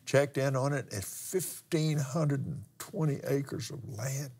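An older man, a minister telling a testimony story in a folksy, drawn-out way with pauses and restarts. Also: mid-range voice, a little mellow, husky. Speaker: minister and pilot. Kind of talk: storytelling testimony in a broadcast talk.

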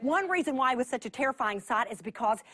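High-voiced woman teaching a Bible lesson. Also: fast, no echo. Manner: animated, laughing storyteller. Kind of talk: teaching sermon.

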